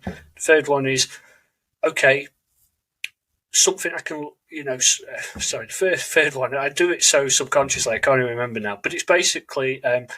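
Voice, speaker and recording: A man's voice: medium pitch, a bit bright, breathy edge, poor audio. A man hosting a podcast in a casual conversation. He talks in an earnest, reflective way and often searches for his words. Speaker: podcast host.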